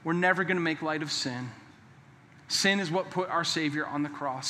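A man's voice: fairly high pitch, normal speed, sharp tone, slight background noise. A male pastor preaching a sermon in a church, emphatic and repetitive, with playful joking asides. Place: church sanctuary. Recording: long reverb of a large hall.

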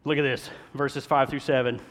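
A man preaching a sermon as pastor, swinging between loud urging and hushed, intimate asides. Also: medium pitch, flat delivery, moderate pace, long reverb tail. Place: church sanctuary.

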